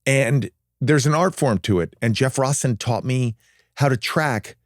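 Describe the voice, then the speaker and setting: A man's voice: mid-range voice, unhurried, no echo, clean studio sound. A man in his fifties, a podcast guest, chatting casually and rambling with lots of fillers and restarts. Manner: rambling, self-deprecating, many fillers and restarts. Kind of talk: casual interview chat.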